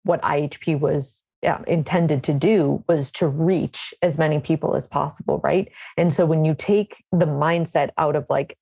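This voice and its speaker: A woman's voice: deep voice, fairly even intonation, moderate pace, vocal fry, hardly any pauses, mellow, dry recording. A woman hosting a podcast, speaking in a reflective, encouraging way. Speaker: podcast host. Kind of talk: conversational interview.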